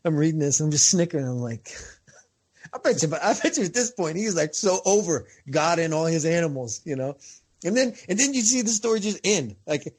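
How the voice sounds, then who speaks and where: A man hosting a casual interview, telling stories in an animated way and laughing as he goes. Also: a little high, normal speed, breathy edge. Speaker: podcast host.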